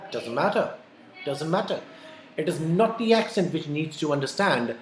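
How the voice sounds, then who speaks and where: A man giving a lively exam-prep lecture, repeating his key points and calling his listeners folks. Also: fairly high pitch, normal speed, slight background noise. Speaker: IELTS teacher. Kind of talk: classroom-style lecture. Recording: echoey room with faint ambience.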